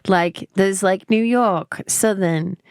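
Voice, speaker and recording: A woman's voice: medium pitch, clear, resonant tone, no echo, studio quality. Bubbly young English woman. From England. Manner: bubbly, quick, laughs often. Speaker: guest musician. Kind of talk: casual interview chat.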